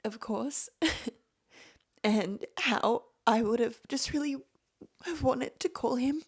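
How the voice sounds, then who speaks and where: Slow, emotional woman podcast host. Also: a little high, husky. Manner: emotional, laughs often while telling a story; gushing, repeats words. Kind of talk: personal storytelling podcast.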